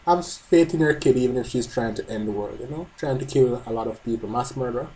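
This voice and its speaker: A man's voice: medium pitch, quick pace, mellow, low-quality recording. A man hosting a live manga reread, reacting in a casual, joking and profane way.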